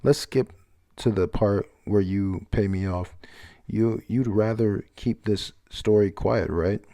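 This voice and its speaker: A scheming young newspaper boss who taunts and bargains, read out by a man reviewing a comic. The voice is low and mellow, and the delivery is unhurried and sly.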